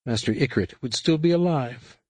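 A man voicing a remorseful young woman who speaks softly and pleadingly. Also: mid-range voice, moderate pace, no room sound, pitched above the performer's own voice, natural voice.

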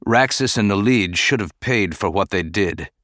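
A man's voice: lowish voice, expressive, normal speed, fairly bright tone, no room sound, clean studio sound. A man voicing a bitter, grieving senator. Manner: bitter and indignant.

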